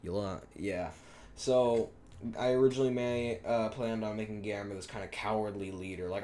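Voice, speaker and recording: A man's voice: fairly low pitch, fairly even intonation, moderate pace, mellow, slight background noise. A man giving a rambling, self-deprecating director's commentary on his own fan series, often unsure of himself.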